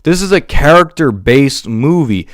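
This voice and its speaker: A man's voice: fairly high pitch, lively intonation, measured pace, dry recording, clean studio sound. Exasperated man ranting about a movie. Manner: exasperated, profane ranting with stammered restarts. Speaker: movie reviewer.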